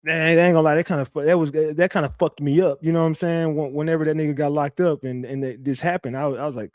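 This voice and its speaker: A man's voice: on the high side, quick pace, a little mellow, no echo. Brash cussing guy on a livestream, bragging, dry close sound. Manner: brash, profane, boastful trash talk. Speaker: online show host. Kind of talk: livestream commentary.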